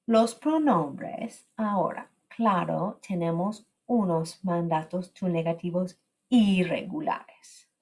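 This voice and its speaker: A woman's voice: lowish voice, slow, darkish tone, breathy edge. A woman teaching a recorded slide lesson, explaining step by step and switching between Spanish and English.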